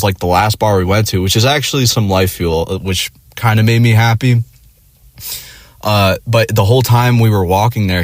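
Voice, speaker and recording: A man's voice: lowish voice, dry recording. A man telling a rambling personal story in casual, profane language, laughing along as he goes. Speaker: vlogger.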